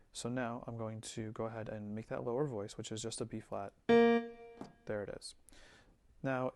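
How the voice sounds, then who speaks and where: A man giving a relaxed screen-recorded music software tutorial, thinking aloud with fillers as he works. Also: on the low side, gravelly. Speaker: music teacher.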